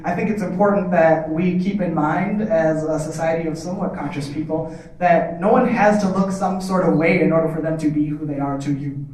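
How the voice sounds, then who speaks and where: A man's voice: on the high side, fairly even intonation, brisk, darkish tone. Earnest man, far off in a hall. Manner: earnest, thoughtful. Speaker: panelist, community center worker. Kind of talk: casual panel discussion.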